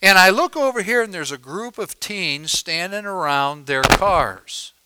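A male pastor telling a story in a sermon, animated and acting out the voices of people he quotes, on a worn microphone in a church. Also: high-pitched, unhurried, heavy background noise.

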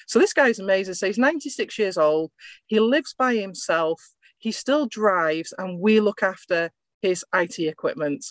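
A woman's voice: mid-range voice, animated, normal speed, no room sound. Friendly English-accented woman, dry sound. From England. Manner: friendly, conversational, explains plainly. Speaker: IT business owner, guest. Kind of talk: casual interview chat.

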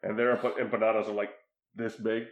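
A man's voice: lowish voice, level tone, a little fast. A man hosting a casual podcast chat, laughing often and steering the conversation. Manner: laughs often, leads the food review. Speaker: podcast host. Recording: roomy, slightly dull sound.

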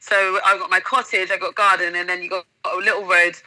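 A woman's voice: fairly low pitch, level tone, fairly quick, sharp tone, dry recording, low-quality recording. A woman in casual interview chat, telling stories enthusiastically and vividly as a guest. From England.

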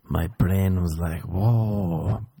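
A young Irish man rambling sardonically in a casual comedic monologue, jumping up in pitch when he acts out other people. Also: a little slow, darkish tone, dry recording. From Ireland.

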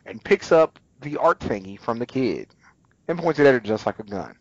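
Animated man recapping a TV episode. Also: mid-range voice, normal speed, dry recording, lo-fi sound. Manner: animated retelling, acts out quotes. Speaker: podcast co-host. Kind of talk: casual recap chat.

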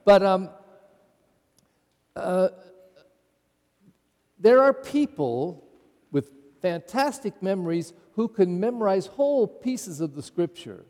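A man's voice: high voice, sing-song, slow pace, pauses often, a little mellow, in a large hall. An older man who is a pastor, giving a conversational sermon with folksy, wry asides.

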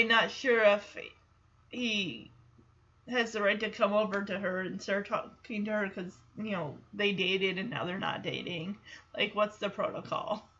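A woman hosts a casual podcast, retelling a TV episode in chatty bursts and slipping into the characters' lines with a laugh. Her voice is bright and fairly high. The audio is a little dull and muffled. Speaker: podcast host.

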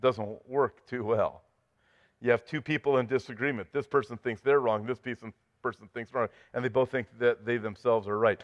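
A man preaching a sermon as pastor, joking with the congregation and reading scripture aloud with rising intensity. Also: on the high side. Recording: dull sound with long hall reverb.

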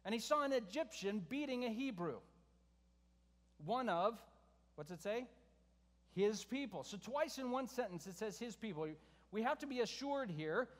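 High-voiced man preaching in a reverberant hall. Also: expressive, normal speed. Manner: conversational, asks the congregation questions, shifts pitch for emphasis. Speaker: pastor. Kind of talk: expository sermon.

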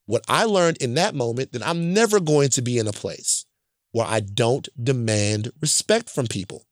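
A man's voice: mid-range voice, animated, moderate pace, dry recording, clean studio sound. A man from Louisiana telling stories in a casual chat, blunt and emphatic, often checking in with "right?". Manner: profane and blunt.

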